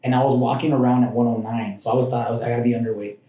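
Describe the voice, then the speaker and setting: A man's voice: mid-range voice, little pitch movement, racing, mellow, slight background noise. A man recounting his past as a podcast guest, talking casually with frequent restarts and side remarks. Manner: rambling, with frequent restarts and asides. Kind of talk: casual personal storytelling. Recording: roomy echoing room.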